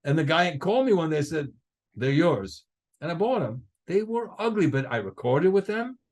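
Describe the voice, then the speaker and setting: A man's voice: on the high side, moderate pace. An older man, a guest drummer, telling stories in a casual interview and acting out what others said. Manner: animated, acts out other people's lines in his stories.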